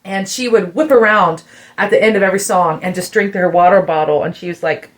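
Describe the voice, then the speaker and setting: Animated woman telling a music story. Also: on the low side, brisk. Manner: animated storytelling, acts out quotes. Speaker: podcast co-host and musician. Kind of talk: casual chat.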